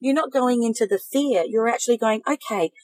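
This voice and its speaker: A middle-aged woman, giving calm, measured coaching advice in a casual podcast chat. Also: fairly high pitch, no echo, low-quality recording. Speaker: podcast co-host, life coach.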